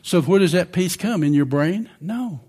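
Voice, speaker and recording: An older male preacher delivering a sermon in a conversational style, checking in with the congregation as he goes. His voice sits a little higher than most men's. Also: animated, normal speed, warm tone, slightly rough.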